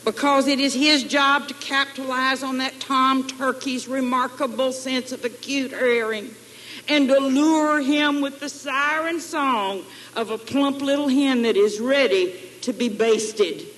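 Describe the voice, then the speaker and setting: A woman's voice: high voice, unhurried, a bit bright. A woman with a Texas accent giving folksy political speeches, drawling out wry one-liners. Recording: echoey hall, faint noise.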